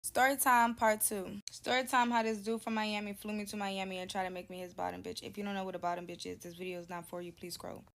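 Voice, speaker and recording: Woman, casual story time, blunt and profane, mid-pitched, quotes dialogue. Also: level tone, fast talker, vocal fry, few pauses, a bit bright.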